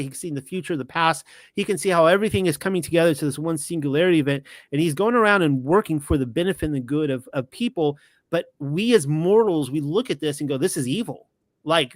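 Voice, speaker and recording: A man's voice: on the high side, no echo. A man with a slightly raised voice, chatting as a podcast host in a loose, rambling way. He often restarts and corrects himself mid-thought. The recording is close and dry, with little room sound. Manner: retells stories with lively quoted dialogue. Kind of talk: casual monologue.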